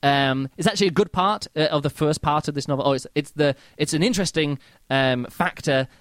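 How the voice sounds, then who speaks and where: A man's voice: on the high side, fairly quick, fairly bright tone, dry recording, clean studio sound. A man giving a casual spoken book review, rambling and chatty, full of fillers and mock-quoted reactions.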